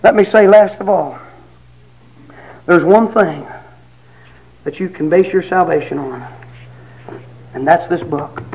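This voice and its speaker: A man preaching a sermon, telling folksy stories, acting out quotes and rising to shouts. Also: sits high, slow pace, vocal fry, pauses often, highs cut off.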